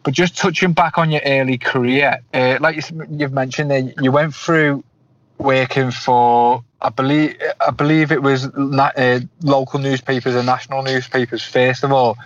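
A man's voice: mid-range voice, fairly even intonation, normal speed, no echo. Rambling podcast host in his thirties. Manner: rambling, many restarts. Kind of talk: interview questions. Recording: dull lo-fi podcast audio.

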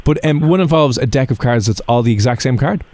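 A man's voice: mid-range voice, animated, fast, a little mellow. A man hosting a radio show, joking and self-deprecating, laughing often. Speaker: radio host. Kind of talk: radio interview banter.

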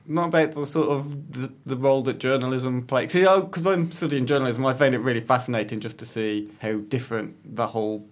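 A man's voice: medium pitch, steady tone, fairly quick, hardly any pauses. A man appearing as a guest on a podcast, chatting casually and a bit hesitantly about films he loves.

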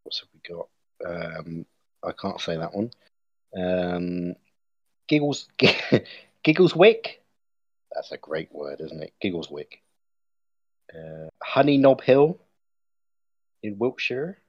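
Slow, lively young man, dry sound. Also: low voice, no room sound, highs cut off. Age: 20s. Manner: laughs often, reads out a list. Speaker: podcast co-host. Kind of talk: casual chat.

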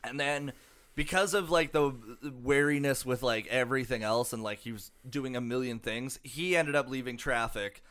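A man's voice: mid-range voice, normal speed, a bit bright, smooth. A man co-hosting a casual comedy podcast, reading out a musician's history with lots of fillers and swearing. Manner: profane, filler-heavy storytelling. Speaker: podcast co-host.

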